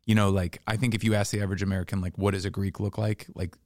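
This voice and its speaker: Laid-back low-voiced man. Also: level tone, very fast, darkish tone, no room sound, clean studio sound. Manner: laid-back, rambling with fillers. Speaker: comedian guest. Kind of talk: casual chat.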